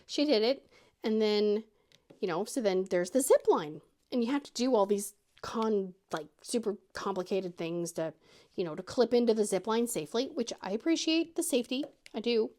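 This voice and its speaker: A middle-aged woman hosting a craft channel, chatting casually as she tells a story and acts out quotes in a squeaky high voice. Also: expressive, normal speed, a little mellow.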